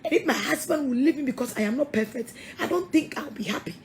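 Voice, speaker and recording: A woman's voice: high voice, fast talker, a little hiss or hum. A middle-aged woman pastor with a Ghanaian English accent, giving an emphatic, scolding sermon-style talk with frequent laughs and repeated words.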